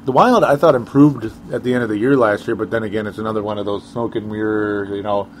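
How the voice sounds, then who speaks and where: A man's voice: fairly low pitch, steady tone, quick pace, a little hiss or hum. A man co-hosting a sports talk show, rambling casually with chuckles and sarcastic asides.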